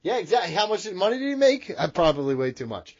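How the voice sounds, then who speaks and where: Excitable high-voiced podcast co-host man. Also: fast talker, highs cut off, crowd noise. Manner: excitable, rambling, swears often. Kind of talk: casual profane wrestling banter.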